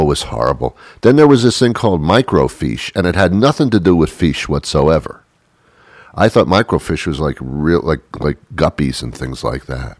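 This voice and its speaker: A man's voice: low voice, a little mellow, no echo, clean studio sound. A man doing a rambling, sarcastic comedic monologue, putting on other people's voices as he tells it.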